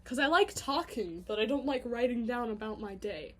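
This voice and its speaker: A woman's voice: a little high, lively intonation, normal speed. A woman rambling in a casual video diary, chatty and scattered, humming to herself between thoughts. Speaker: vlogger.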